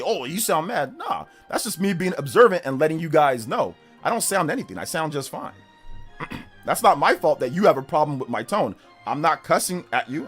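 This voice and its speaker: A male streamer talking casually on a live stream, arguing emphatically with his chat. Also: a little high. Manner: emphatic, argumentative, talks back to chat.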